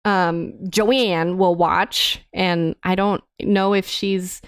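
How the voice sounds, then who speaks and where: A woman's voice: on the low side, fairly even intonation, very slow, smooth, no room sound, studio quality. A woman co-hosting a podcast in casual chat, earnest and hesitant, with many ums and restarts. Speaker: podcast co-host.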